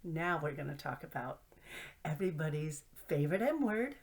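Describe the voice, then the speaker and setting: Middle-aged woman, lowish voice, self-mocking storyteller, whispered asides. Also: sing-song, normal speed, vocal fry. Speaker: host. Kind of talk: humorous storytelling monologue.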